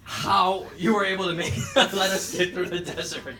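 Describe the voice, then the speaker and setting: Animated male storyteller, echoey room. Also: sits high, normal speed. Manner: lively, repeats "okay" to the audience. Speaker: presenter. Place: lecture room. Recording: echoey room, far mic, noisy.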